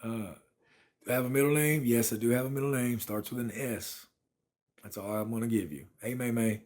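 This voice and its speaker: A man's voice: medium pitch, a little fast, darkish tone. A man, chatting casually on a phone livestream from his apartment and thanking viewers by name. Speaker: livestream host.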